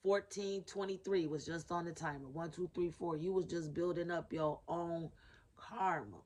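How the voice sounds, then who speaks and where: A woman's voice: lowish voice, fairly even intonation, moderate pace, darkish tone. Blunt profane woman giving a reading. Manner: blunt, profane, emphatic, repeats key phrases. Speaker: spiritual reader. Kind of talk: casual intuitive reading to camera.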